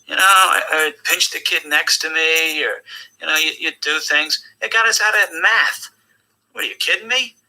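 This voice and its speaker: Forceful older American man telling stories. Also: a little high, moderate pace, low-quality recording. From United States. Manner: animated, jokey storyteller with sudden drops to a hushed tone. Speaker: interview guest. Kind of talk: conversational storytelling.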